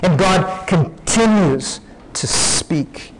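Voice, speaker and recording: A man's voice: high-pitched, lively intonation, drawn-out words, a crowd in the background, rough recording. A man preaching a sermon, teaching in a conversational way, often restarting his sentences.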